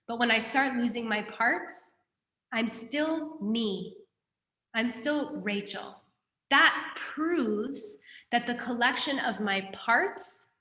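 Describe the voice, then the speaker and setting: Woman, teacher, conversational class lecture, animated explaining, roomy echo. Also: fairly high pitch. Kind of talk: classroom teaching on a Buddhist text.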